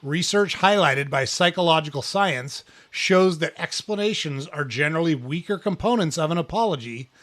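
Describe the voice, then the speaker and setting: Middle aged guy, host, kinda high voice, blunt as hell, cusses, repeats stuff for punch. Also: animated, normal speed, few pauses, a bit bright. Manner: blunt and emphatic, swears freely; punchy repetition for emphasis. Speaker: podcast host. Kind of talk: direct advice talk.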